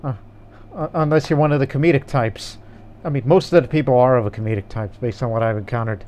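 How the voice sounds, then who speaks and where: Easygoing male podcast co-host, smooth clear voice, rambling casual delivery with restarts. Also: mid-range voice, fairly even intonation, fast, a little mellow.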